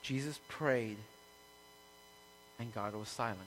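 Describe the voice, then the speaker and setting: A man preaching a sermon to a congregation, building from calm teaching to loud, impassioned peaks. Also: medium pitch, slow pace, a little hiss or hum. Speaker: pastor. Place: room with an audience.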